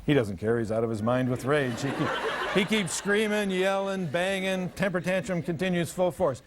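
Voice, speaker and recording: Background noise accompanies this older man's high, expressive voice at a moderate pace. Speaking at a live parenting seminar before an audience, he tells humorous stories and acts out the parts of parents and kids.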